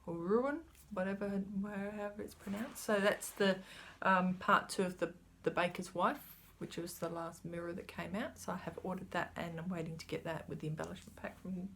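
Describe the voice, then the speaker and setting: Woman, casual rambling chat, gravelly low voice, occasional whispers. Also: steady tone, moderate pace, few pauses, a bit bright, slight background noise. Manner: chatty, rambling, drops to a whisper at times. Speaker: cross-stitch vlogger. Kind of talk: casual chat showing craft supplies.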